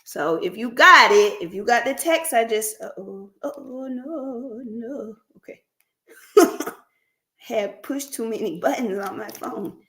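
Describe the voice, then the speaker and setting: A woman's voice: fairly high pitch, lively intonation, slow pace, sharp tone. A woman hosting a counseling practice's livestream, chatting casually with viewers, laughing often and calling them by name.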